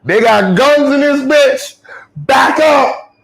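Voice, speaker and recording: A man putting on a panicked police officer who yells frantic orders. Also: very high voice, slow, vocal fry, roomy sound, a faint crowd, voice pushed up, exaggerated voice, rough recording. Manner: frantic shouting. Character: panicked white male cop, yelling.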